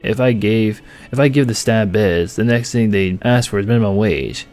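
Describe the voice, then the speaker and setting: A man voicing a stingy rich man who owns an island, quick and dismissive in manner. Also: on the low side, a little mellow, faint music behind, close to an everyday voice.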